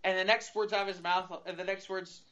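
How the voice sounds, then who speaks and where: A man's voice: sits high, flat delivery, a little fast, fairly bright tone, dull audio. A man co-hosting a casual talk show, telling a long, rambling story. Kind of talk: casual podcast chat.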